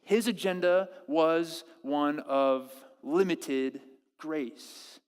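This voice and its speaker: A man delivers a sermon at a church service with lively energy. His voice sits on the higher side for a man. He often stumbles and restarts while acting out quoted prayers, and a long reverb trails his words through the hall. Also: clear, resonant tone. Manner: animated, acts out quoted prayers with halting restarts. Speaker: pastor.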